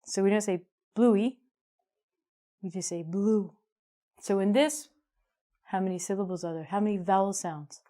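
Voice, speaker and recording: A woman teaching an English grammar lesson, upbeat and emphatic, slowing down to stress key words. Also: mid-range voice, steady tone, mellow.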